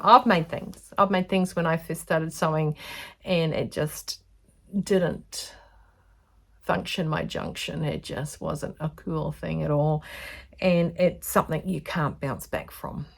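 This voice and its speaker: A woman's voice: lowish voice, fairly even intonation, a little slow, gravelly. An Australian woman chatting casually as she teaches sewing, rambling between topics. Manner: rambling, chatty, self-aware. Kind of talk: casual chatty tutorial vlog.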